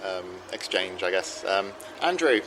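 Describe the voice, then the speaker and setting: A man's voice: deep voice, animated, measured pace, sharp tone, a little hiss or hum, poor audio. A man co-hosting a casual roundtable chat, easygoing and rambling with many ums. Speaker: podcast co-host.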